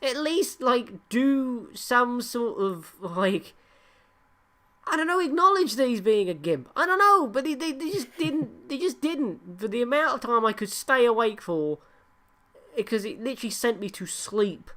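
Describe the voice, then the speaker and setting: Female co-host, lively pitch, halting and blunt, casual podcast chat. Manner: halting, restarts a lot, blunt and sweary.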